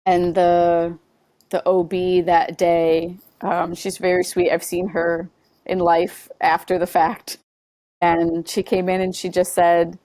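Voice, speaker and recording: A woman guest on a podcast, telling a personal story in earnest, halting conversation full of "like" and "you know.". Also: fairly low pitch, completely flat delivery, warm tone, no echo.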